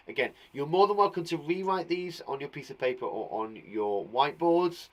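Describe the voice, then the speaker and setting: A man's voice: mid-range voice, a bit bright. A man with an English accent teaching an online punctuation lesson to young children in an upbeat, encouraging way, repeating his questions to the pupils. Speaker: primary school teacher.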